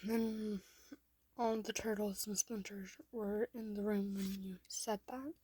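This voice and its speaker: Slow, half-whispering woman storyteller. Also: medium pitch, steady tone, warm tone, husky, no echo. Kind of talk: second-person fan story reading.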